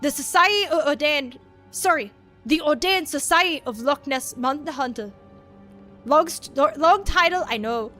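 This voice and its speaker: A halting, stammering old Scottish gentleman doctor, put on by a woman, bright and high for an old man. He trips over his words with a courteous charm. The voice stays light and sharp. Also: animated, faint music behind. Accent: attempted Scottish. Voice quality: stuttering, halting speech.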